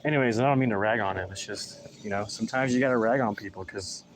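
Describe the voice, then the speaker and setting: Male gardening vlogger, low voice, rambling sarcastic chat, noisy outdoor phone audio. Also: fast talker. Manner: rambling, sarcastic mock enthusiasm. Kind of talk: casual live vlog chat while potting plants. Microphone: phone held in hand.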